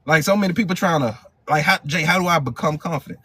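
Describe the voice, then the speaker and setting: A man's voice: on the high side, fast talker, pushed and bright, breathy edge. A male hypnotherapy coach leading a live motivational training, emphatic and repetitive, in casual slang.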